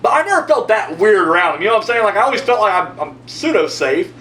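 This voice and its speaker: A man hosting his own video channel, telling a long story in a rambling, profane, animated way. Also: high-pitched, quick pace, recorded from a distance. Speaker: video host answering viewer comments. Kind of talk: casual storytelling monologue. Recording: roomy echo, mic set back, faint hum.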